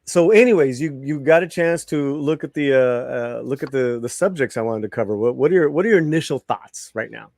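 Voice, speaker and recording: A man's voice: medium pitch, lively intonation, fairly quick, gravelly, hardly any pauses, a little mellow, no room sound, studio quality. A man hosting a live-streamed talk show, chatty, laughing easily and repeating his phrases. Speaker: host.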